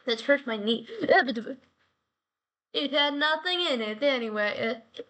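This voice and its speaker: A woman's voice: sits high, expressive, measured pace, sharp tone. A woman hosting her own daily talk vlog, chatting casually and playfully and rambling from one thing to the next. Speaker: host of a daily talk show. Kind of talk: casual solo vlog chat.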